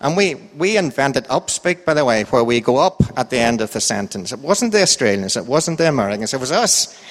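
A man's voice: mid-range voice, sing-song, brisk, big-room sound. An Irish man leading an informal Bible talk with a quiz, chatty and joking, with a sing-song voice that goes up and down. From Ireland. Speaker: church group leader.

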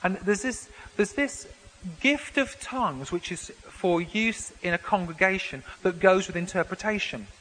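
A man preaching a sermon in a relaxed, conversational way, often restarting and repeating words as he explains. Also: high-pitched, unhurried. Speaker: pastor. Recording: long hall reverb, faint background noise.

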